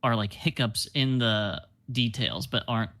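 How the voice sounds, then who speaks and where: A man's voice: fairly low pitch, lively intonation, measured pace, sharp tone. A man co-hosting a casual film review podcast, talking loosely with lots of filler and freely griping. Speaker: podcast co-host film critic.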